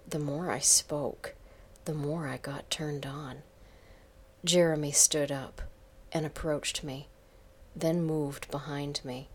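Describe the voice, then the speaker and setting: A woman tells a first-person story in a soft, intimate voice. Her voice sits low, and she takes her time. At moments she sinks almost to a whisper. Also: steady tone, slow, husky. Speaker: story narrator. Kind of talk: scripted first-person narration.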